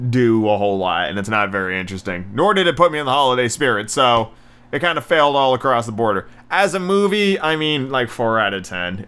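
A young man hosts a casual solo podcast, reviewing movies bluntly and ramblingly with lots of fillers, and he sounds slightly out of breath. His mid-range voice is a bit bright and clean in tone.

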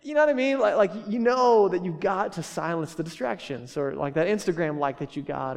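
A man's voice: high voice, lively intonation, fairly quick, vocal fry, few pauses. A man preaching a sermon as pastor, casual and joking, full of fillers and restarts. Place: church hall. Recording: reverberant church hall.

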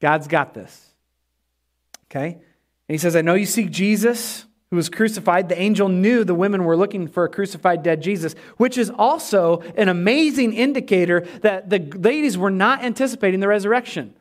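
Male pastor, high voice, lively sermon delivery with congregation asides. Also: fairly quick. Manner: energetic preaching with call-and-response asides. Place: church.

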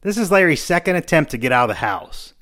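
A male podcast co-host talks through a TV episode scene by scene, with a lively voice that swings up and down. His tone is bright and forward as he acts out the characters' lines. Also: fairly high pitch, fast talker. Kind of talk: casual chat, recapping an episode.

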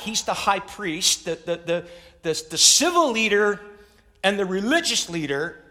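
A man's voice: high-pitched, big pitch swings, measured pace, bright, forceful tone. A middle-aged man preaching a sermon as pastor, emphatic, repeating phrases and rallying his congregation. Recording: long reverb of a large hall.

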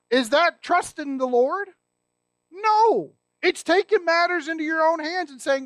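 Male pastor, very high pitch, emphatic sermon delivery with rhetorical questions. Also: unhurried, a bit bright, no echo.

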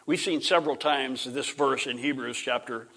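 A middle-aged man teaching a Bible lesson in an informal lecture style, rambling, restarting sentences, clearing his throat and chuckling. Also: medium pitch, moderate pace, fairly bright tone.

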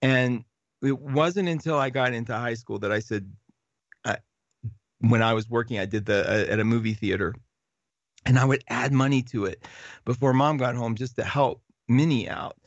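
A middle-aged man hosts a casual live chat, answering viewer comments and drifting into stories. His gravelly voice sounds dry and close. The recording is dull and lo-fi. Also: medium pitch, moderate pace, dry recording. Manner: animated, rambling with restarts and laughs. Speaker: livestream host reading viewer comments.

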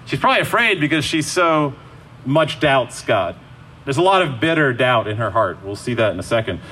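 A man's voice: medium pitch, very animated, moderate pace, bright, forceful tone, slight background noise, rough recording. A man preaching a sermon in a casual, conversational way, acting out the quoted lines as he goes.

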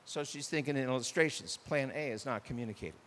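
A man's voice: medium pitch, brisk, long reverb tail. A man preaching a sermon about marriage, acting out arguments between spouses. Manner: animated, acts out quoted spouses. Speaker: pastor.

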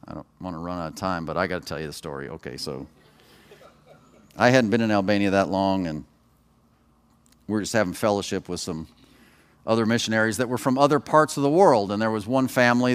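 A man's voice: lowish voice, lively intonation, a little fast, pauses often, smooth. A man, a pastor, preaching a sermon in a conversational way, with personal stories and joking asides to the congregation.

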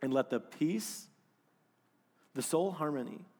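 A man preaching a sermon as pastor, animated, swinging between loud emphasis and hushed moments. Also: fairly high pitch, slow pace, big-room sound.

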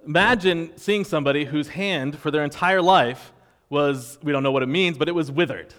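A man's voice: a little high, normal speed, a bit bright, long reverb tail. A man preaching a sermon in a conversational, wry way, walking through a passage. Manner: conversational, wry, acts out quoted voices. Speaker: pastor.

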